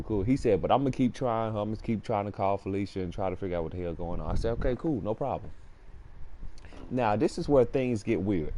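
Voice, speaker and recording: A man's voice: lowish voice, a little hiss or hum. A young man casually telling a personal story, acting out the voices of the people in it. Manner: animated storyteller, acts out quoted voices.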